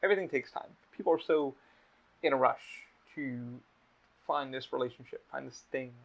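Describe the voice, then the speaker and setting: A man hosting a casual podcast, telling stories in a blunt, animated way with a lot of swearing. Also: medium pitch, moderate pace, creaky. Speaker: podcast host. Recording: slightly dull lo-fi audio.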